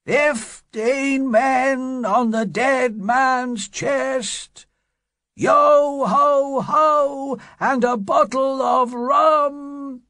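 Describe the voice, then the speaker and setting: A man voicing an eerie, high, shaking pirate voice that sings and screams as if from a ghost. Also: fairly even intonation, creaky, dry recording, clean studio sound, full character voice. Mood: eerie wailing. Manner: slow, drawn-out wailing and shouting.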